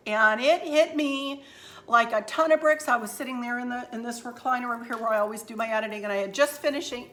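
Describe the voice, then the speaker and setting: Woman, middle-aged, bright forceful voice, rambling casual chat, says y'all. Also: medium pitch. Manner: chatty, rambling, addresses viewers as y'all. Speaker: vlogger. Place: home.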